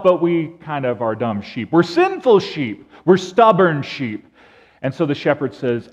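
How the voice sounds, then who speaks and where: Male pastor, lively sermon, fairly high voice, long church echo, muffled sound. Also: unhurried. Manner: animated storytelling, acting out sheep bleats and calls. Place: church sanctuary.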